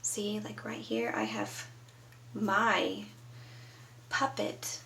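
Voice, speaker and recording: A woman's voice: on the high side, takes it slowly, creaky, distant mic, a little hiss or hum, low-quality recording. A woman teaching young children from home, patiently prompting them to answer. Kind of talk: children's lesson.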